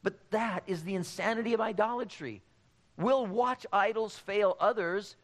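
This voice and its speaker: A man's voice: sits high, normal speed, in a large hall. A man preaching a sermon, speaking emphatically and addressing the congregation directly. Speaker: pastor.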